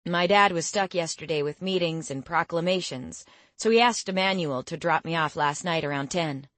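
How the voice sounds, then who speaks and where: A woman voicing a jovial, confident teenage boy who talks in a relaxed, teasing way. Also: low-pitched, moderate pace, dry recording.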